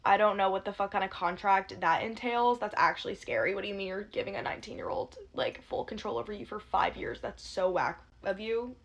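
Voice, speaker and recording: A young woman recapping drama in a casual, fast and sarcastic gossip style, swearing freely. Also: medium pitch, lively intonation. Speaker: commentary youtuber.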